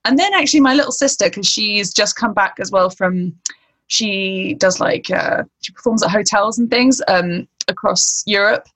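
A woman's voice: mid-range voice, normal speed, a bit bright. A young woman in casual conversation, asking curious questions, laughing easily and using "like" often. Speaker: interviewer.

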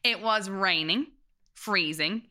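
Podcast co-host, young woman, bright clear tone, chatty, swears freely. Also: mid-range voice, slow. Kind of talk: casual chat.

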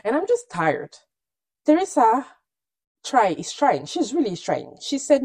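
Lively, outspoken woman podcast host. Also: on the high side, measured pace, husky, dry recording. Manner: candid, gossipy, opinionated. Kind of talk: casual recap chat.

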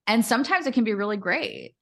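A young adult woman co-hosting a podcast, telling a lively story and acting out what people said. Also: on the high side. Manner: animated storyteller, quick, acts out quotes with laughs. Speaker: podcast co-host. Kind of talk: casual chat.

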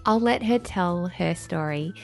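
A woman's voice: on the low side, a little slow, vocal fry, soft background music. A woman hosting a podcast, chatty and self-mocking, with a slight lisp after dental surgery. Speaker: podcast host. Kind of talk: casual podcast intro and chat.

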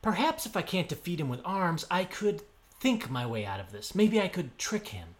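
A man voicing a boastful, cowardly but cunning male trickster in a storybook tale, bragging loudly and hesitating with filler sounds. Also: high voice, sing-song, normal speed, voice pushed up. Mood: nervous scheming.

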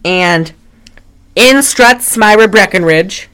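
A woman's voice: medium pitch, takes it slowly, a bit bright, smooth. A woman co-hosting a podcast, reviewing a movie in casual, rambling chat and swearing offhand. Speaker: podcast co-host.

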